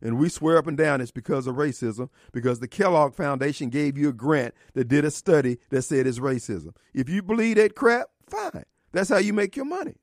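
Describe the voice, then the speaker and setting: A man's voice: a little high, a little fast, hardly any pauses, no echo, clean studio sound. A man with a Mississippi accent hosting a call-in radio talk show, blunt and preachy, with frequent laughs. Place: radio studio.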